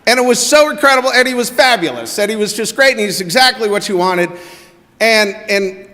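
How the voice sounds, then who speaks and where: A middle-aged man telling a personal story to a church congregation, animated and quoting people in their own voices. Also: high-pitched, brisk. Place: church sanctuary. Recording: long reverb of a church hall.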